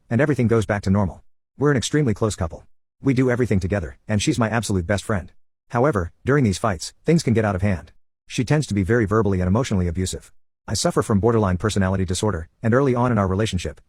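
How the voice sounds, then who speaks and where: A man narrating a personal story in a steady first-person telling. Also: on the low side, breathy edge, no echo.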